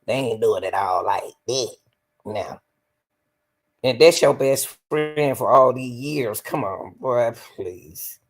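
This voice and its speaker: A woman's voice: a bass voice, takes it slowly, husky. A woman hosting a livestream, commenting on courtroom footage in a casual, emphatic, incredulous way, often breaking into laughter. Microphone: livestream computer mic.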